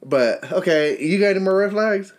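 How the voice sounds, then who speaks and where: A young man co-hosting a podcast, telling profane, animated gossip stories and mocking other people's voices. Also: high-pitched, normal speed. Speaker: podcast co-host. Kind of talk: casual gossip chat.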